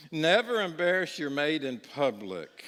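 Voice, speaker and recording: This middle-aged Bible class teacher speaks in a mid-range, slightly bright voice. He keeps things conversational and often checks if his listeners agree, while the church hall adds a long reverb.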